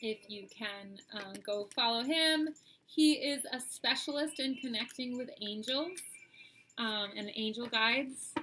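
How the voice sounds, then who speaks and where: Bright-voiced woman reading oracle cards. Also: fairly high pitch, a little slow, slight background noise, rough recording. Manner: chatty, speaks straight to viewers, frequent "um"s. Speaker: oracle card reader and stream host. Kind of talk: live-streamed psychic card reading.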